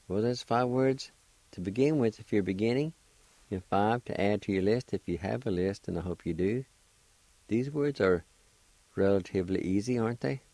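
A man gives a radio language lesson, his voice very low and mellow. He takes his time, spelling each word out patiently and encouraging his listeners. The sound is dry and close, as from a studio microphone. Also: dry recording, low-quality recording.

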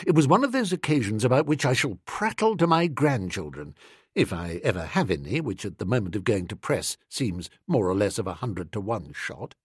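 A man's voice: fairly low pitch, very animated, normal speed, husky, no echo, clean studio sound. A man reading a comic first-person story aloud as an audiobook narrator. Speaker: audiobook reader.

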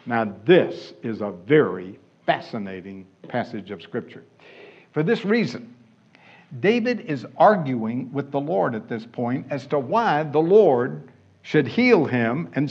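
A man delivers a sermon from the pulpit in a slightly high voice. He rises to loud, emphatic lines and then sinks to hushed lows. The recording is dull and lo-fi. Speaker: preacher. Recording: muffled lo-fi sound.

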